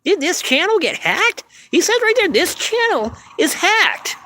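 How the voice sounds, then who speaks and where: A man voicing Phil, a squeaky needy puppet fireman. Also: very animated, a little slow, sharp tone, heavily acted. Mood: alarmed. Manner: squeaky, eager for attention, easily hurt.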